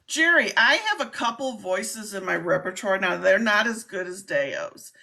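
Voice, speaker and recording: A middle-aged woman hosting a casual live-stream chat, talking in an excitable, chatty way. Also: mid-range voice, normal speed, gravelly. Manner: chatty, excitable, laughs often. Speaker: host, scam baiter.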